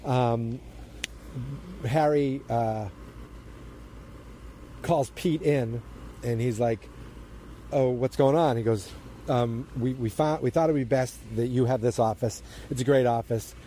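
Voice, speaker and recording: A man's voice: takes it slowly, pauses often, warm tone, a little hiss or hum. A man casually retelling a TV episode outdoors, rambling and acting out the characters' lines with jumps in his voice. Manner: rambling, acts out quoted lines with jumps in pitch. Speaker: TV episode recapper. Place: outdoors near turning-on sprinklers.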